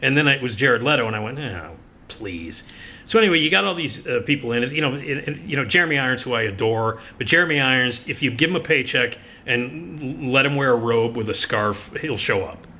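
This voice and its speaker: An American film critic with a bright, forceful, medium-pitched voice gives a casual movie preview. He's blunt and swears freely, sounding sarcastic and dismissive, and slips into quick mocking impressions.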